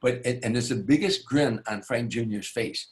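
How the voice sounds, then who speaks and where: A man's voice: mid-range voice, moderate pace. Rambling man telling a show-business story. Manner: rambling, with many restarts and asides; acts out the voices of people in his story. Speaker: guest, stand-up comedian. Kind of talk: anecdotal storytelling in an interview.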